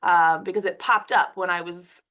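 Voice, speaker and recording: A Philadelphia physician with a cold gives a conversational webinar lecture over her computer mic. Her voice is lowish and sharp in tone, with fairly even intonation and a moderate pace.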